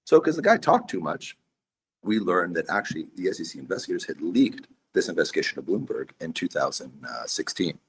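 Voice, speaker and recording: A man's voice: low-pitched, sing-song, a little fast, breathy edge. A man, a priest and investor, telling his story intensely as a guest in a podcast interview.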